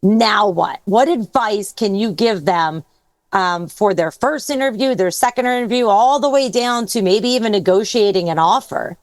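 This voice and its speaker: A woman's voice: medium pitch, normal speed, no echo. A woman hosting a podcast interview in an upbeat, friendly way. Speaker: podcast host.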